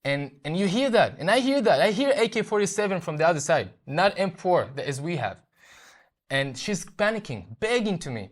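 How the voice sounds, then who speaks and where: A man's voice: on the high side, very animated. Earnest Israeli man telling his story. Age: young adult. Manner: earnest, halting, with frequent restarts and repeated words. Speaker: interview guest. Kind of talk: personal testimony in an interview.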